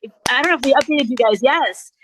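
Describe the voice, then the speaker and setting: A middle-aged woman from Chicago, a comedian with a migraine, telling an animated, mock-outraged story over a video call. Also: high voice, fast, a little hiss or hum. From Chicago, USA. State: suffering a migraine. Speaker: comedian and talk show host guest. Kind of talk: stand-up style ranting story.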